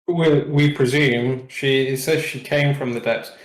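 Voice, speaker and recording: A man's voice: medium pitch, steady tone. Man at a game table in an echoey room. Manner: measured, with filler pauses. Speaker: player. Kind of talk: casual game chat.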